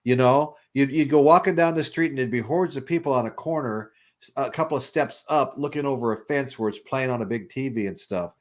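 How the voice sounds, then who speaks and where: A podcast host with a mid-range voice talks a little fast as he tells a long story in casual chat. He rambles, restarting again and again and laughing along the way.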